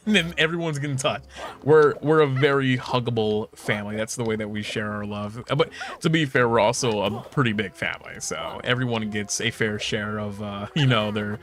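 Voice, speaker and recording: A young man chatting casually while he plays, candid and full of swearing and laughter, jumping into high mocking voices when he quotes people. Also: brisk, fairly bright tone. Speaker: streamer. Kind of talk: casual chat while gaming. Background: game music.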